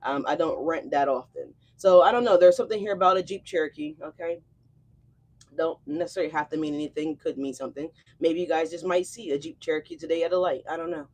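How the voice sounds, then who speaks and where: A woman's voice: deep voice, fast talker, a little mellow. A woman hosting a casual tarot reading, chatting in a loose, slangy way and checking in with her viewers. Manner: slangy, chatty, keeps checking in with "okay?" and "y'all". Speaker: tarot reader and channel host.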